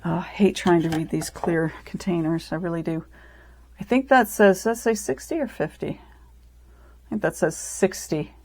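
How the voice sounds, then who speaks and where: A woman's voice: on the low side, normal speed, a little mellow, husky, no room sound. A woman vlogging as she makes a resin craft, chatting casually, rambling and correcting herself as she thinks aloud. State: out of breath.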